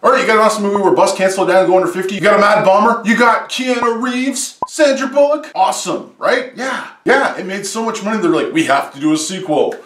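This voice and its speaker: Lively jokey guy ranting about bad sequels, kinda high voice, roomy echo. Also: quick pace, hardly any pauses, recorded from a distance. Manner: animated, sarcastic, jokey asides. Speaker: movie reviewer, host. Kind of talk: comedic top-list commentary.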